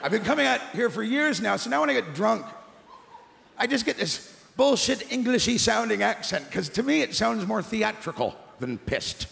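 A middle-aged man doing stand-up comedy on a large theatre stage, gruff and ranting with deadpan asides. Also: sits high, moderate pace, slight background noise. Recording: echoey theatre with loud laughing crowd.

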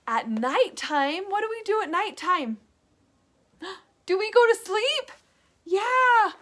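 Woman, preschool teacher, high voice, animated, gasps, questions for children. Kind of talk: interactive preschool lesson and read-aloud.

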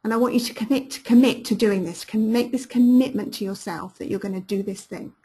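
A woman coaching her audience through a webinar, her voice slightly husky and breathy. She sounds upbeat and encouraging and repeats her key questions to push listeners toward action. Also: a little high, warm tone. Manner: upbeat and encouraging, quick praise words. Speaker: business coach hosting a webinar. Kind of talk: live webinar talk, reading out listener comments.

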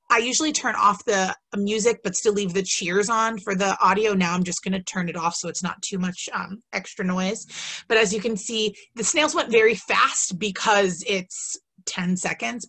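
Her voice is medium-pitched, husky, gravelly and a touch bright. A woman teacher, suffering from hiccups, leads a casual how-to webinar, chatting enthusiastically with frequent ums and tangents.

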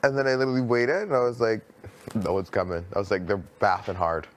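A woman's voice: extremely low pitch, steady tone, quick pace. A woman in casual chat, retelling a conversation and quoting what was said. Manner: chatty, retells conversations with quoted voices. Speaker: reality show houseguest. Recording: noisy live feed audio.

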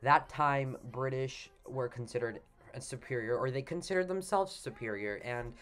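A man's voice: mid-range voice, normal speed, a bit bright. A young man hosting a casual history voice-over for a slideshow. He talks in a rambling, hesitant way, full of "like" and "you know," and often stops to rephrase. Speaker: channel host.

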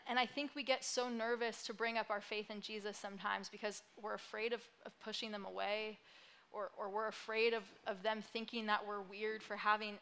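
A woman's voice: medium pitch, a bit bright. A young woman in her twenties giving a sermon from a church stage in a conversational, self-deprecating way with light laughs. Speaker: pastor.

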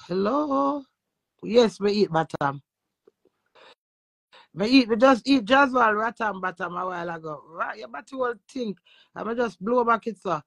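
A Jamaican woman with a fairly high voice talks brash and boastful in thick patois, swearing at every turn. Her voice sits close and dry, with no room sound around it. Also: vocal fry, no echo. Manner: loud, profane and boastful. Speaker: social media influencer. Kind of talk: brash casual talk in patois.

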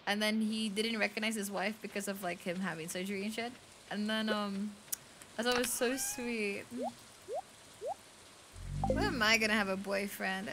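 A woman's voice: medium pitch, fairly even intonation, normal speed, long pauses, noisy background. A young woman with a light Filipino accent, chatting casually on a game stream, reading chat aloud and swearing freely.

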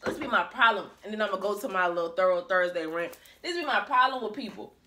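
A woman's voice: medium pitch, animated, fast, pushed and bright, slight background noise. A woman vlogger delivering a blunt, profane rant to camera, talking in an emphatic way and laughing between her points.

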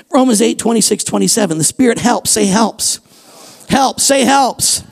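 Man, pastor, sermon, very high voice, gravelly, animated, shouting at times. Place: church.

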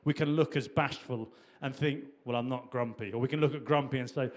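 A man's voice: mid-range voice, steady tone, a little fast. A middle-aged man preaching a sermon in a conversational way, with repetitions and restarts. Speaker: pastor.

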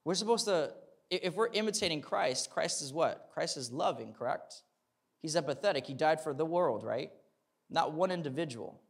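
A young male preacher delivers a sermon in an easy, chatty way. He stumbles on words and checks in with "right?" before pressing his points with mounting fervor. His voice sits a little high for a man. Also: lively intonation, moderate pace, breathy edge. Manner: conversational, rising to fervent emphasis; repeats words and restarts, uses "like" and "right?".

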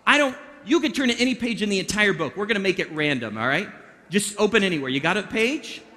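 A magician performs a mind-reading act for a youth group, chatting playfully and directing volunteers in interactive stage patter. His high voice is expressive, fast and sharp, and the recording carries long hall reverb.

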